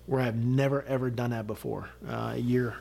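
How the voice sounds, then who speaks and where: A man's voice: medium pitch, normal speed, vocal fry. Blunt, profane middle-aged man telling war stories. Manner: blunt, profane, animated storyteller acting out quotes. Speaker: guest, retired command sergeant major. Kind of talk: candid storytelling interview.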